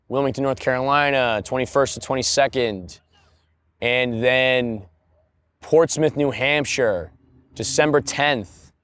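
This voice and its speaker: A man's voice: mid-range voice, smooth, dry recording. Laid-back crude-joking male podcast host. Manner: laid-back, crude jokes, bursts into loud mock-announcer parody. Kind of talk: casual solo podcast chat.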